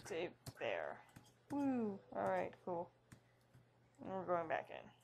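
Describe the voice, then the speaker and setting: Slow-talking joking woman gamer. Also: fairly low pitch, wildly swooping pitch, creaky, a little mellow, a little hiss or hum. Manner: jokey, wry asides, reads game text aloud. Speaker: let's play host. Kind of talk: casual gameplay commentary.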